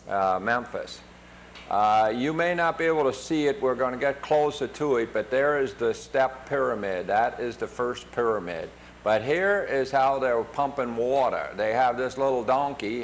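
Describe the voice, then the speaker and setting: An older man from the United States narrating his travel photos casually, with many pauses, fillers and restarts. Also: mid-range voice, a little hiss or hum.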